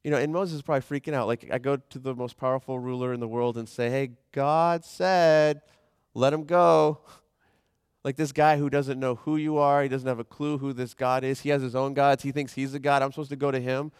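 A man's voice: medium pitch, little pitch movement, fast talker, hardly any pauses, clear, resonant tone, dry recording, clean studio sound. A man preaching a sermon as a pastor, talking in a conversational way and acting out the voices he quotes.

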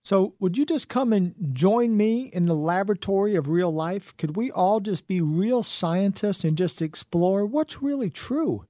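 A middle-aged man talking slowly on a radio health show, folksy and a bit preachy, asking his listeners question after question. His voice is mellow and rounded, and it sounds dry and close, with no room around it. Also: high-pitched, animated, dry recording. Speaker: radio health and wellness host. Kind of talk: radio talk monologue.

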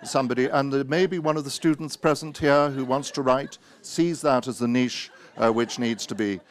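A man, an author, giving a wry, anecdotal talk full of hesitant pauses and self-mocking asides. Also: mid-range voice, fairly even intonation.

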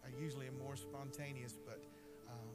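A pastor with a drawl speaks in an earnest, heartfelt way from the front of a church. His voice sits at a middle pitch. Loud music plays behind him the whole time. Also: flat delivery, moderate pace. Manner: earnest, heartfelt, reads from notes. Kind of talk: church announcement.

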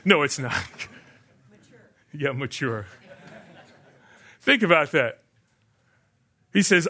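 A man's voice: on the high side, a little slow, long pauses, sharp tone. An older man preaching a sermon, asking the congregation rhetorical questions and answering them himself. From United States. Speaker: pastor.

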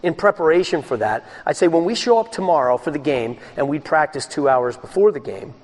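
A man preaching a sermon as pastor, swinging between loud, raised passages and hushed, low ones. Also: animated, fairly quick.

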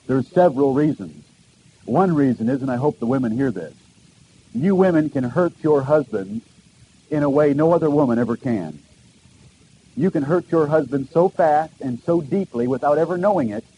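A middle-aged male pastor preaching with an earnest, questioning delivery and emphatic repetitions. His voice sits a little high for a man yet sounds dark and mellow. A faint hiss of noise runs behind him. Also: poor audio. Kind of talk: sermon.

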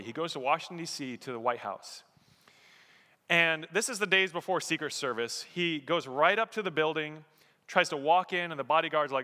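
A man's voice: on the high side, expressive, moderate pace, pushed and bright. A man preaching a sermon as pastor, telling stories and building to emphatic peaks. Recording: echoey hall.

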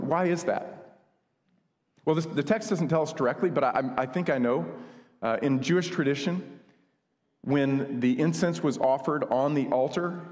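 A man's voice: on the high side, darkish tone. A man from the United States preaching a sermon, earnest and conversational, with asides and humor. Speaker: pastor. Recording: long hall reverb.

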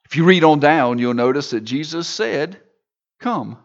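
A pastor delivering a sermon, moving from hushed storytelling to loud, fervent preaching. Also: male voice, a little high, normal speed, highs cut off.

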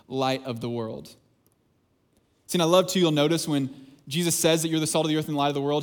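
A man preaching a sermon to his church, earnest and emphatic. His voice sits a little higher than most men's, and he drives his points home through repetition before easing into softer, quieter asides. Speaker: pastor.

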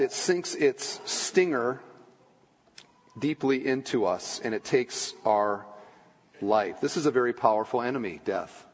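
A man preaching a sermon as a pastor, conversational, asking the congregation questions and making asides, then dropping low and quiet for solemn points. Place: church sanctuary. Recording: long church-hall reverb.

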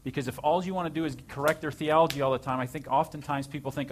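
A man's voice: on the high side, fairly even intonation, fast talker. Earnest man on a counseling panel. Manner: earnest and reflective, repeats key words.

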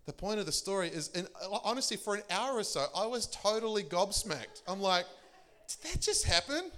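A middle-aged man, a pastor telling testimony stories in a sermon. He laughs often and his voice leaps up for emphasis. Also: brisk. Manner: animated storyteller, laughing often, pitch leaping for emphasis.

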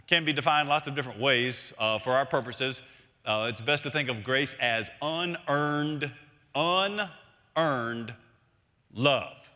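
A man preaching a sermon as senior pastor, emphatic and repeating key phrases, swinging between loud points and hushed lines. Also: fairly high pitch. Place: church sanctuary. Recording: long reverb of a large hall.

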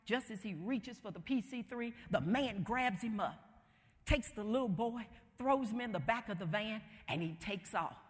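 A woman's voice: fairly high pitch, expressive, moderate pace, slightly rough. A woman preacher delivering a sermon in an emphatic, rhythmic way, heard in a hall with long reverb.

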